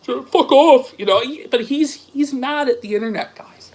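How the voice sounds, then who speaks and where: Male streamer with a high voice, profane ranting commentary. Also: expressive, normal speed, few pauses. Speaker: streamer host. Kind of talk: angry commentary reading posts aloud.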